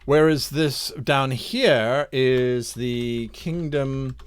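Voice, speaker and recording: A man in the middle of a live-streamed worldbuilding session, musing at a very slow, unhurried pace. He reads viewers' suggestions aloud and sounds them out by repeating them. He hesitates often as he thinks through each idea. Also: medium pitch, smooth. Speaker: game master streaming campaign design.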